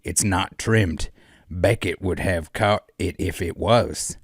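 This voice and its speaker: A man voicing a defensive, curt evil cowboy, loud and clipped. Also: sits low, slow, slightly rough, no echo, studio quality, full character voice.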